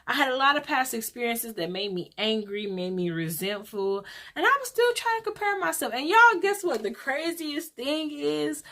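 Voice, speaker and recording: A woman in her twenties talks to her viewers in a casual, rambling way. Her voice sits a little high, and she tells stories with lively energy and church talk mixed in. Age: 20s. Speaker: vlog host. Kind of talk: casual confessional vlog.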